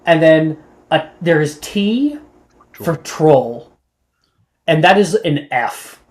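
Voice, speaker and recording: Chatty game master, mid-pitched. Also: expressive, slow pace. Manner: casual, many "like" fillers. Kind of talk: running a tabletop game.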